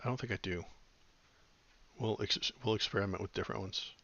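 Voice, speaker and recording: A man's voice: on the low side, steady tone, fairly quick, vocal fry, pushed and bright, dry recording, lo-fi sound. A man hosting a podcast in casual chat, rambling and wry with lots of fillers. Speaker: podcast host.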